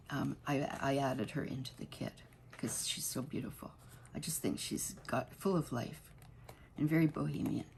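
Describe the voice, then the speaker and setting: A woman with a low, gravelly voice talks through a crafting tutorial at home. Her chat rambles and often stops and restarts mid-sentence. There is a faint hiss of noise behind her. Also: darkish tone.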